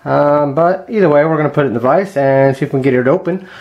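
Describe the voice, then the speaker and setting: A man casually talking viewers through picking a lock at his home workbench, thinking aloud with frequent ums and quiet mutters. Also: a little high, fast, highs cut off. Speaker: lockpicking hobbyist. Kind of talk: casual hands-on demonstration vlog.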